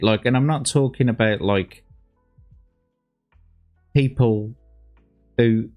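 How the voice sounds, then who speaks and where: A man casually commenting on a livestream, rambling and sweary with plenty of slang. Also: fairly low pitch. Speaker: streamer reacting to old adverts.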